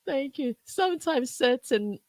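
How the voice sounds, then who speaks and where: Lively, slow-talking South London woman host. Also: high voice, dry recording. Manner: warm gushing praise, frequent laughter. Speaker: radio host. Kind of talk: casual interview chat.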